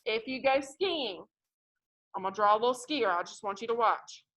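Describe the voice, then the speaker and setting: A woman teaching a math class in a classroom, lively and joking as she tells stories to her students. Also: on the high side, normal speed.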